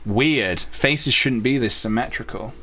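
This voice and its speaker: A man talks loosely to his viewers as he works on a drawing, thinking out loud and drifting into side comments. His pitch sits in an ordinary middle range for a man, and the delivery stays relaxed and unscripted. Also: unhurried. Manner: rambling, self-talking, playful asides. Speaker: youtuber drawing on stream.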